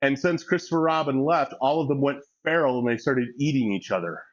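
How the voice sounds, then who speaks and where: Speaking a little fast at medium pitch, a man in his forties chats casually between sets as a fitness vlogger. He's crude and playful, often laughing while telling stories, and the recording is dull and lo-fi.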